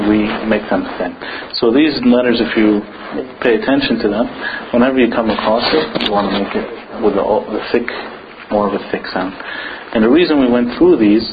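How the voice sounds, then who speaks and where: Encouraging low-voiced male teacher. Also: lo-fi sound, noisy background. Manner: encouraging, repeats sounds slowly for students. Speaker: Quran recitation teacher. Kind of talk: patient classroom instruction.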